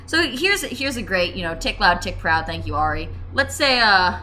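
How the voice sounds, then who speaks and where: Young woman vlogger, lively and bright, self-mocking storyteller with sudden loud tic outbursts. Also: medium pitch, normal speed, hardly any pauses, soft background music. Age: 20s. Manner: chatty, self-mocking, with sudden shouted tics. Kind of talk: casual storytelling monologue. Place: home room.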